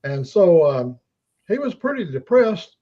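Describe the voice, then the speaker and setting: An older man spins folksy jokes and stories in easy chat. His voice sits high. It comes through dull, lo-fi call audio. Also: very animated, a little slow. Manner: storytelling, folksy. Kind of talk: casual joke-telling chat.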